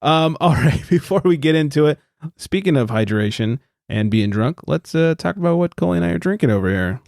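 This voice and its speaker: A man's voice: fairly high pitch, lively intonation, brisk, creaky, a little mellow, dry recording. A man hosting a casual beer podcast, joking with his co-hosts and reading off show plugs. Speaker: podcast host. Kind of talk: casual chat.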